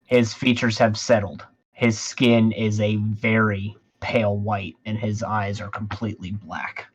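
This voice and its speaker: A man's voice: on the low side, flat delivery, a little slow, slightly rough, low-quality recording. A man playing a tabletop game, describing his character in a plain, matter-of-fact way. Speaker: player.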